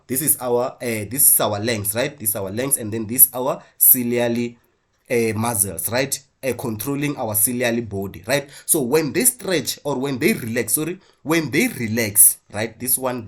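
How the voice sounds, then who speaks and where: A man's voice: medium pitch, moderate pace. A man with a South African English accent teaching an online biology class, explaining while he draws and often checking in with "right?".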